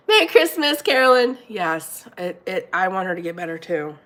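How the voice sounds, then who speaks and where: A middle-aged woman with a stuffy nose hosting a casual livestream, chatting with her viewers and greeting them warmly by name. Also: on the low side, big pitch swings, moderate pace, few pauses. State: congested, blowing her nose. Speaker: livestream host reading viewer chat.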